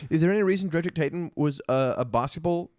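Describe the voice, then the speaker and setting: A man on a podcast panel chatting casually about cartoon episodes, quick to agree with others and quoting lines. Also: fairly high pitch, a little mellow, no echo, clean studio sound. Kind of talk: casual chat reviewing episodes.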